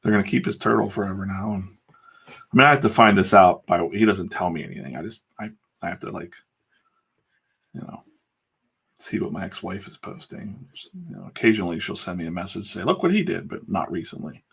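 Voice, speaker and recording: A man's voice: sits low, brisk, creaky, a bit bright, breathy edge. A middle-aged man, a comic artist, chatting casually while he draws on a live stream, blunt and prone to fired-up pep talks with mild swearing.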